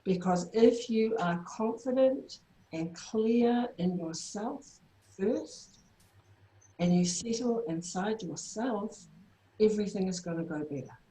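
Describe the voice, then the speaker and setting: A woman with a New Zealand accent, a therapy trainer, calmly guiding listeners through a workshop over a video call. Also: medium pitch, takes it slowly, low-quality recording. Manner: calm, guiding, soothing. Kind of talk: online workshop presentation.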